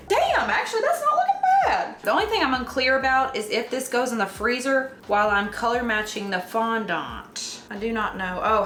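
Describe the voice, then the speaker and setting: A woman's voice: medium pitch, sharp tone, a little hiss or hum. A Southern-accented woman with a slight lisp rambles and jokes about herself while baking. Her voice sits mid-range and rings around a roomy kitchen, with faint household sounds underneath. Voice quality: slight lisp from a dental flipper. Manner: self-deprecating, jokey, talks to herself. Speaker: vlogger. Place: home kitchen.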